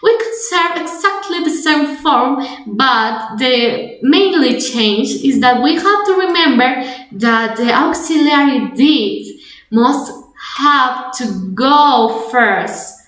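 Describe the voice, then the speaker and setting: High-voiced teacher with a Spanish accent. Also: female voice, lively intonation, slow pace, fairly bright tone, roomy sound. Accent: Spanish-speaking. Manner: explanatory, repeats and restarts, code-switches to Spanish. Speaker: English teacher. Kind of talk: webinar grammar lesson.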